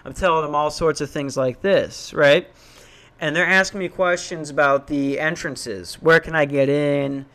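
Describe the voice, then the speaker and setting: Young guy from Minnesota, casual rant storytelling, self-deprecating, slightly high voice. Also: a little slow. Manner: animated, self-mocking, swears, jumps into high voices when quoting.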